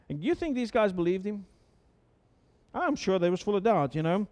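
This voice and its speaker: A man with a high voice preaches in a church sanctuary, talking conversationally, stumbling over repeated words and tossing out rhetorical questions. At times he drops to a soft, hushed tone. His voice rings with the long reverb of the hall. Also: expressive, moderate pace. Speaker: pastor. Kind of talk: sermon.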